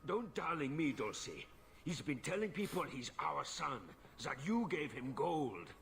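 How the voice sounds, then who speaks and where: A man's voice: fairly high pitch, lively intonation, a little slow, creaky, fairly bright tone, slight background noise, exaggerated voice. A worried nobleman. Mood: exasperated. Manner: stern, pleading. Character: worried middle-aged nobleman father. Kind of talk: video game dialogue.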